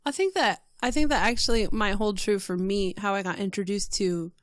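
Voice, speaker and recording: A woman guest in a casual podcast chat, bubbly and given to squealing when she quotes her own excitement. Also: mid-range voice, moderate pace, no room sound, clean studio sound.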